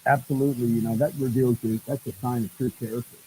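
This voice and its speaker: A man, a head baseball coach guest on a podcast, telling stories in a lively way and acting out what people said. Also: mid-range voice, fast, slight background noise, low-quality recording. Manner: animated storyteller, acts out quoted dialogue. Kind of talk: casual podcast storytelling.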